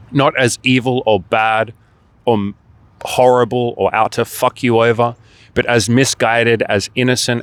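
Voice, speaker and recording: A man's voice: mid-range voice, a bit bright, no echo. A man speaking as a dating and life coach in a direct-to-camera motivational monologue, blunt and emphatic, swearing freely and firing off rhetorical questions.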